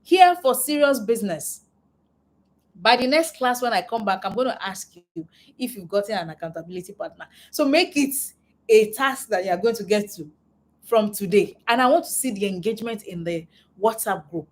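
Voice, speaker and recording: A woman's voice: mid-range voice, brisk. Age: adult. Sex: woman. Role: business coach. Style: live online class. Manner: upbeat, encouraging, keeps repeating praise. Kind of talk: live webinar, reading out chat replies.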